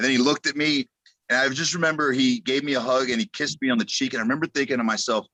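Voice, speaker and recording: A man, a former wrestler, telling an animated story on a podcast, laughing between lines. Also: mid-range voice, fast talker, no room sound. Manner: animated, laughs as he tells stories.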